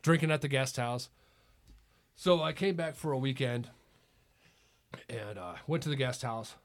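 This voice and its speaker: A middle-aged podcast host with a medium-pitched, unhurried voice tells a rambling story, laughing a lot and saying "it's like." It's a casual storytelling chat.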